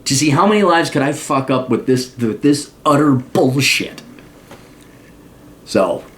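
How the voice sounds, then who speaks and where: A man's voice: medium pitch, lively intonation, unhurried, a bit bright. A man hosting an advice podcast, talking bluntly and profanely in a ranting monologue with sarcastic, mocking asides. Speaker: podcast host.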